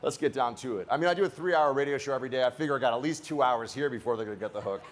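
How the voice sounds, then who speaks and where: A man's voice: medium pitch, racing. A man, a radio host, giving a political rally speech with a joking, anecdotal storytelling manner.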